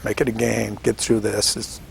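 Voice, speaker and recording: A man in his seventies from Washington State, telling his story in an oral history interview, animated and chuckling, acting out the voices of people he quotes. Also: lowish voice, moderate pace, vocal fry, a little hiss or hum. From Washington State, United States. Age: 70s. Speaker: veteran interviewee.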